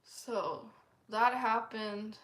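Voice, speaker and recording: A woman's voice: mid-range voice, expressive, extremely slow, fairly bright tone. A woman earnestly sharing a personal testimony in a casual, rambling way, full of "like" fillers. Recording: echoey room.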